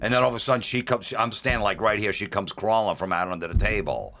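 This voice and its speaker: A man's voice: fairly low pitch, quick pace, noisy background. A man telling prank stories in casual conversation, acting out the voices of people in them. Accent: New York. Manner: animated, acts out voices in stories. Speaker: comedian and prank caller. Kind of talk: casual storytelling.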